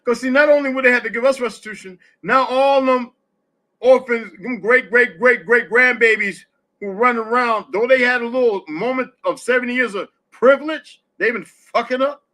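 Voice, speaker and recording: A middle-aged man with a high, bright voice hosts a casual live audio discussion. He talks bluntly and curses freely, telling stories in a plain, direct way. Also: moderate pace. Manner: blunt, profane storytelling. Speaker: host.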